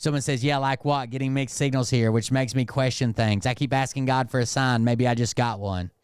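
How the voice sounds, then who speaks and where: A man's voice: mid-range voice, steady tone, brisk, clean tone, dry recording. A man doing casual, sarcastic live-stream commentary, mocking and swearing as he reacts.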